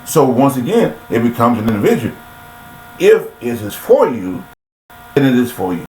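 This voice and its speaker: A man's voice: medium pitch, big pitch swings, moderate pace, warm tone. A grown man giving a casual motivational monologue into a webcam, repetitive and preachy, full of rhetorical questions. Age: adult. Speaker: motivational speaker. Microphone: computer webcam mic. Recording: echoey room with faint mains hum.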